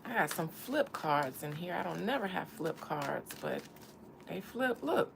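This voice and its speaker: A woman's voice: lowish voice, sing-song, measured pace, gravelly, background noise. A woman from the American South with a Southern accent, hosting a casual tarot reading and talking in a sassy, teasing drawl. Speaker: tarot reader and channel host.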